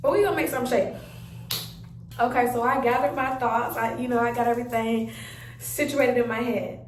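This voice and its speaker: A young woman, telling a story in an animated, chatty way and acting out her own reactions. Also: on the high side, moderate pace. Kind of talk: casual storytime chat. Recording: roomy sound, mic a bit far off.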